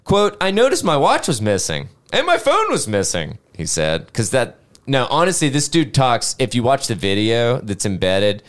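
A man hosts a casual podcast, reading out a news story and breaking off to joke and swear. His voice sits mid-range but leaps wildly in pitch as he talks. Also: normal speed. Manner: animated, swears casually, jokes while reading.

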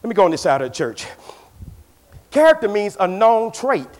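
Pastor preaching with lively swings. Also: male voice, sits high, normal speed. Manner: preaching with swings between shouts and hushed asides. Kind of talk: sermon. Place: church.

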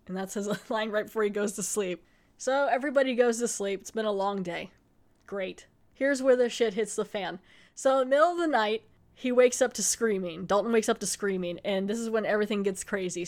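A chatty woman with a fairly high voice recaps a TV episode on her podcast. She laughs often and bursts into quick impressions of the characters. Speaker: podcast host reviewing a TV episode.

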